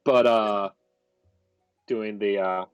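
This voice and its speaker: A man's voice: fairly low pitch, steady tone, extremely slow, smooth, dry recording, soft background music. Rambling male game master, lo-fi. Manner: rambling, chatty, many fillers. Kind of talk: narrating a tabletop game. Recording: dull lo-fi, dry.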